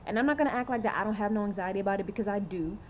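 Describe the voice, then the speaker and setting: A woman in her twenties talks to her camera in a loose, earnest ramble, stacking up rhetorical questions between fillers. Her voice sits at an ordinary middle pitch for a woman. The recording is slightly dull and lo-fi, with a faint hiss underneath. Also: racing. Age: 20s. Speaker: vlogger. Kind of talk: casual to-camera monologue.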